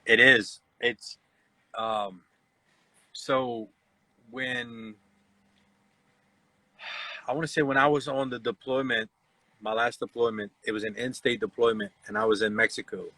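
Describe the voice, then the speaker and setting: A man's voice: mid-range voice, steady tone, measured pace, pauses often, sharp tone, dry recording, rough recording. A man in his forties hosting a casual live chat, telling stories and acting out the voices he quotes. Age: 40s. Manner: storytelling, acts out quoted voices. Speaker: host.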